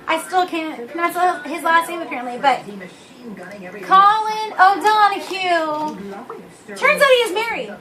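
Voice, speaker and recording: Young female vlog co-host, high voice, playful and teasing, crowd chatter behind. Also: lively intonation, a little slow, recorded from a distance. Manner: playful, teasing, breaks into short sung bits. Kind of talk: casual joking chat.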